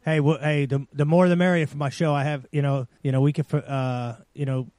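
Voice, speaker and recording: A man's voice: a little high, level tone, brisk, darkish tone, no echo. A man hosting a live talk radio show, rambling and laughing often.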